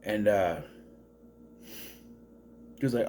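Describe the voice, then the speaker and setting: Lively, rambling man reviewing a movie. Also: fairly low pitch, measured pace. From southern Minnesota, US. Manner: rambling, joking asides. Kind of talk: casual spoiler review.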